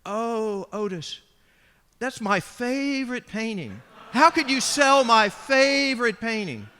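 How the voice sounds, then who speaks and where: An upset older wife whose voice climbs high and cracks with dismay, as a man mimics her in a story. Her pleading rings out through a large echoing hall. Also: expressive, takes it slowly, fairly bright tone. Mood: distressed.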